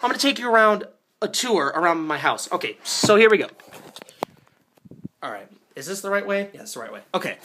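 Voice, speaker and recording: A young man at home, filmed on a handheld phone camera, ranting and swearing about a movie he hated, with yelled outbursts. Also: high-pitched, very animated, fairly quick, long pauses, slight background noise. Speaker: movie reviewer. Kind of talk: angry movie-review rant.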